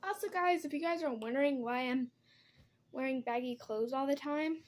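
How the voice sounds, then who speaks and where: A woman's voice: sits high, moderate pace, a little hiss or hum. A young woman chatting casually as she does her makeup at home, rambling from one topic to the next. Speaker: vlogger. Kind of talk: casual get-ready-with-me chat.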